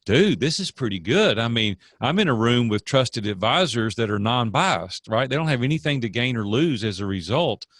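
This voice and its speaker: A man's voice: mid-range voice, lively intonation, normal speed, few pauses, fairly bright tone, no room sound, clean studio sound. An older man, a coach and guest, telling stories in a casual interview with an earnest, preachy manner.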